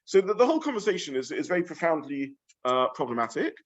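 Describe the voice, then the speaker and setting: A man, a rabbi teaching a weekly Torah class to a live group in a study room, talking thoughtfully and haltingly with many fillers and restarts. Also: a little high, very animated. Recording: slightly dull lo-fi room recording.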